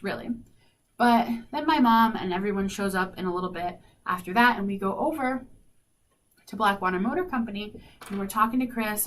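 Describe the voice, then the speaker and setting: Young female radio host, chatty storyteller, plays out her quotes, a little distant from the mic. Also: medium pitch. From South Dakota. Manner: animated, lots of "like", acts out quoted dialogue. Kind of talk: casual storytelling. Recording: faint noise, slightly distant mic.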